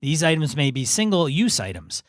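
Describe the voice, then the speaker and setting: A man's voice: on the high side, sing-song, no room sound, clean studio sound. A man co-hosting a gaming podcast in casual chat, reading a listener email aloud with easygoing asides. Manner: easygoing, reads in measured chunks with asides. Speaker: podcast co-host.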